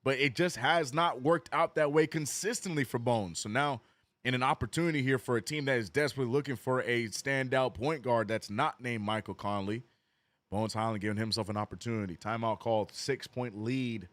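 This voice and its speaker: A man streaming a live watch-along, doing casual play-by-play and answering chat, jumping up in pitch on big plays and slang-heavy in between. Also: a little fast, no echo. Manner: excitable, rises sharply on big plays, drops low reading chat; casual slangy talk, says bro and man.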